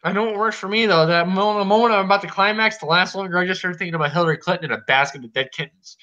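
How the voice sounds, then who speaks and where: A man's voice: high-pitched, rapid-fire, sharp tone. A man hosting a casual podcast chat, joking crudely and swearing a lot. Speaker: podcast host. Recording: muffled lo-fi mic.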